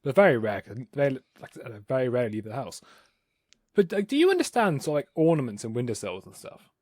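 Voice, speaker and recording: A man's voice: medium pitch, wildly swooping pitch, quick pace, a little mellow, no echo, studio quality. A young man co-hosting a podcast, rambling and hesitant, often self-deprecating. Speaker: podcast co-host. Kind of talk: casual podcast chat.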